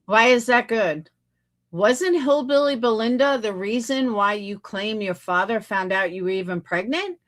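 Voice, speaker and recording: A woman's voice: on the high side, unhurried, a bit bright. A woman hosting a livestream, talking back in a blunt, sarcastic and profane way. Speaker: livestream host. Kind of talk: casual livestream commentary.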